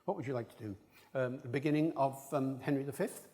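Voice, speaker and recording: An older male linguist gives a public lecture in a hall, his middle-pitched voice echoing with a long reverb. He talks quickly and warmly, discursive and enthusiastic, frequently breaking off for asides.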